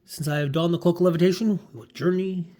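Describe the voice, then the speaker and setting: A man's voice: high voice, fairly even intonation, fast talker, dark tone, lightly acted. A man reading a comic aloud, voicing a sorcerer in formal, grand phrasing. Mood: grave. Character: grave male sorcerer, formal and mystic.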